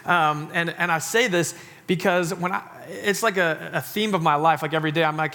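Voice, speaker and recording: A man in his thirties preaches to his congregation in a church, loose and joking and full of "like" fillers. His voice sits a little high and rings bright and forceful. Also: a little fast. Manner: chatty, joking sermon delivery with many "like" fillers. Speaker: pastor. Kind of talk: sermon. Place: church sanctuary.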